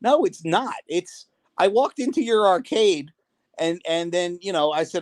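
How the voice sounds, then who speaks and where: A man telling animated stories in a casual podcast conversation. He laughs often and acts out the voices of the people he quotes. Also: high-pitched, unhurried, no room sound. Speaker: guest, prank video maker and wrestling promoter.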